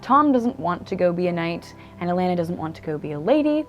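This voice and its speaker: Chatty woman with a lowish voice. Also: sing-song, fairly quick, lo-fi sound, soft background music. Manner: chatty and enthusiastic, lots of "like" and "um". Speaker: book vlogger. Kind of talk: casual book review monologue. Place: indoors at home. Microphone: camera mic.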